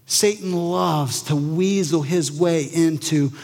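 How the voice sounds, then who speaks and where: Man preaching an animated sermon in a hall. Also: a little high, takes it slowly. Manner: conversational, animated, acts out quoted voices. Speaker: pastor.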